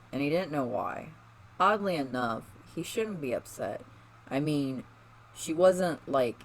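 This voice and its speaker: Guy casually reading a fanfic out loud, medium voice, a little hiss in the background. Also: medium pitch, rough recording. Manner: casual, unpolished reading with fillers. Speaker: narrator. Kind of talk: reading fan fiction aloud.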